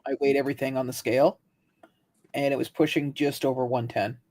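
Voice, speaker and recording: A man co-hosting a livestream, telling rambling, animated stories and laughing often in casual chat. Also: medium pitch, a little fast. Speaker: livestream co-host.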